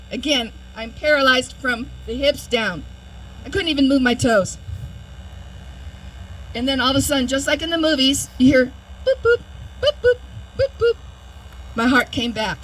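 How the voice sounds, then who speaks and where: This woman's high, fairly bright voice comes through a rough recording with a bit of hiss or hum. Speaking at a public demonstration outdoors, she recounts her own story vividly, even mimicking the beeping of a heart monitor.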